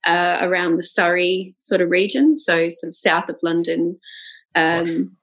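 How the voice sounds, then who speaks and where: A young woman, co-hosting a casual podcast chat, chatty and quick to laugh. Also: on the low side, little pitch movement, a bit bright, poor audio. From Australia. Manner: chatty and giggly, mimics accents. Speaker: podcast co-host.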